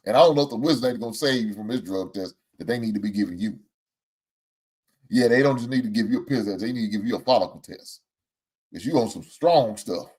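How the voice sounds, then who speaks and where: A fast-talking man with a lowish, husky voice hosts a casual sports show. He uses Southern American slang, speaks in an animated, exclaiming way, and laughs a lot.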